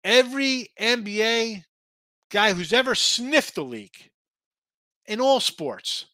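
A man hosting a sports betting show, chatting casually and answering viewer comments in a rambling, excitable way. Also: extremely high pitch, takes it slowly, no echo. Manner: rambling, excitable, talks back to chat. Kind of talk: casual live-stream chat reading viewer comments.

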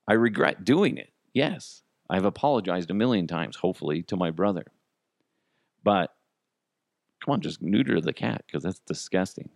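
A man's voice: lowish voice, creaky, dry recording, clean studio sound. A man hosting a podcast and telling stories in a casual, joking, self-deprecating way. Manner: animated, jokey, self-deprecating. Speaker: podcast host. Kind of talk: casual storytelling monologue.

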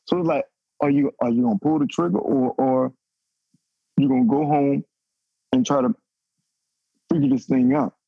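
Husky man telling a raw story. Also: steady tone, moderate pace, pauses often, no echo, lo-fi sound. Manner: raw, emotional, profane, pitch climbing when stirred. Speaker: guest, former pro football player. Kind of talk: candid personal story on a podcast panel.

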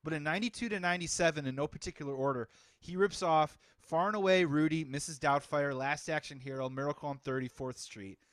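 A man's voice: a little high, quick pace, no room sound. A man hosting a casual film podcast, chatting with enthusiasm and rambling asides. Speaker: podcast host.

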